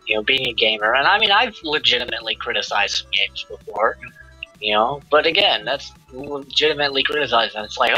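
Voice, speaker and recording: Male co-host, casual gaming talk, very bright and sharp tone, hesitant and frank. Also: medium pitch, animated, fairly quick, husky, faint music behind, poor audio. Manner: hesitant, uses many fillers, frank. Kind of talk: casual chat about gaming.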